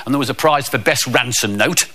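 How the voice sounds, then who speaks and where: A man doing stand-up, telling deadpan stories and acting out the people in them. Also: mid-range voice, brisk. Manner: deadpan storytelling, acting out characters. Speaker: stand-up comedian. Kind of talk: stand-up comedy routine.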